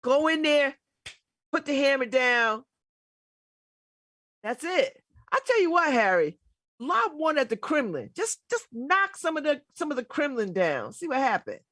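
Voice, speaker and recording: A woman's voice: sits high, very animated, measured pace, pauses often, fairly bright tone, no echo. A middle-aged woman hosting a casual political talk show, blunt and emphatic, laughing often. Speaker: radio host.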